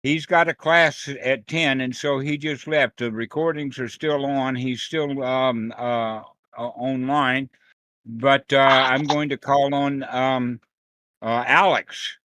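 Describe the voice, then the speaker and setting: A man's voice: mid-range voice, fairly even intonation, slow pace, fairly bright tone, no echo. A man teaching meditation on a group video call, playful and acting out little quoted voices. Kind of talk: dharma talk on a group call.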